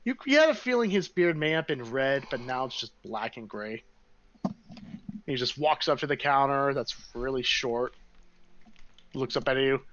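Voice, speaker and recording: A man's voice: mid-range voice, expressive, normal speed, a bit bright, muffled recording. A man narrating a tabletop game as game master in a casual, rambling way.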